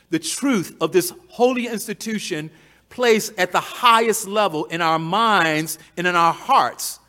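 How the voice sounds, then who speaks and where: High-voiced man preaching with emphatic repetition. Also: a little slow. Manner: emphatic, repeats key phrases, swings from loud to hushed. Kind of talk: sermon.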